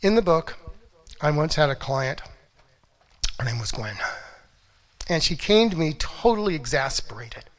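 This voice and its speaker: Middle-aged guy coaching a crowd on love, slightly high voice, storytelling, goes hushed then loud. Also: unhurried, pauses often. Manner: animated storytelling, acts out quotes, swings from hushed to loud. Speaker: relationship coach. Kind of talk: motivational talk to an audience.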